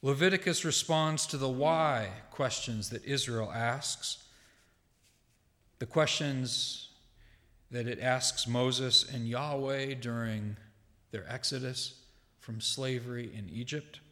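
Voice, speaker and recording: A man preaching a sermon from a church pulpit, measured and deliberate, with emphatic quoted lines and casual asides to the congregation. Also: mid-range voice, bright, forceful tone. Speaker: pastor. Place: church sanctuary. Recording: long hall reverb.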